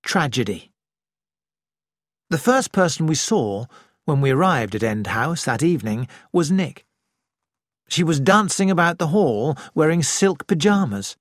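An audiobook narrator reads in a calm, measured way, with a lively, shifting melody. The pace is unhurried. The recording is dry and close. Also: medium pitch, no echo.

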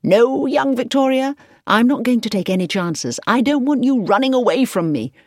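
A woman's voice: a little high, animated, normal speed, darkish tone, no echo, pitched above the performer's own voice. An earnest young man, smitten and a little anxious, his voice rising and falling with feeling, as a woman reads him aloud. The recording is close and dry, with no room sound at all. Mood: insistent. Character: earnest young man in love, easily worried.

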